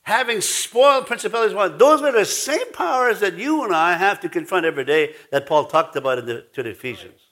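A male preacher with a slightly higher-than-average voice delivers a sermon in a loose storytelling way. He stops and restarts, laughs, and drifts into asides. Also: expressive, a little fast, fairly bright tone. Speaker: pastor.

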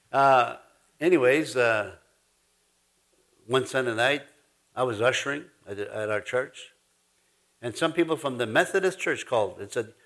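A man's voice: mid-range voice, moderate pace, a bit bright. A man preaching a sermon, telling rambling stories with restarts, laughter and many asides. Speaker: pastor.

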